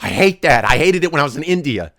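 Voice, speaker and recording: A man in his thirties delivering a heated, indignant rant to camera, swinging between loud outbursts and quiet asides. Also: fairly high pitch, very animated, quick pace, vocal fry. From United States. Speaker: vlogger.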